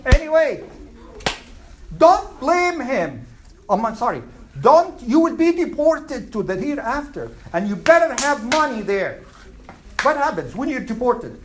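A woman's voice: high-pitched, big pitch swings, unhurried, noisy background. A woman teaching an Islamic class, asking her students questions and repeating her points. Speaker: religious teacher.

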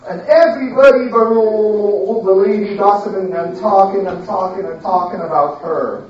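A woman teacher telling a story to a class of children, animated and quizzing them with questions. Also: mid-range voice, moderate pace, few pauses, a little hiss or hum. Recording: echoey room, distant, dull.

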